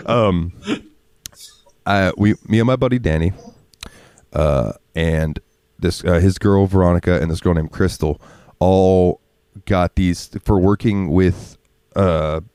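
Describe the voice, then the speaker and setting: Man, very low voice, dry close mic; rambling, profane podcast storyteller who laughs often. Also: sing-song, slow pace, a little mellow, no echo. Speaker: podcast co-host. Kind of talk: casual storytelling chat.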